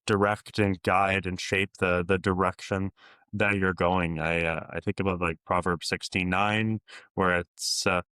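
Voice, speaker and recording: Deep, smooth-voiced male podcast host. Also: flat delivery, measured pace, pushed and bright, dry recording, studio quality. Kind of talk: casual interview conversation.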